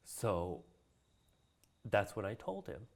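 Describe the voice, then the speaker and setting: Guy from hawaii with a lowish voice telling a story, acts out what everyone said, laughs a lot. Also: huge pitch swings, slow pace, gravelly, slight background noise. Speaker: guest, Hawaiian cultural practitioner. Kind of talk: casual storytelling interview.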